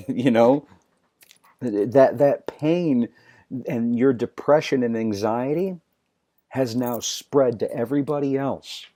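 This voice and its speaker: Male motivational speaker, dark mellow timbre, raw and profane, halting delivery. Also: mid-range voice. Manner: raw, blunt, swears freely, halting restarts. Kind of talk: personal motivational talk.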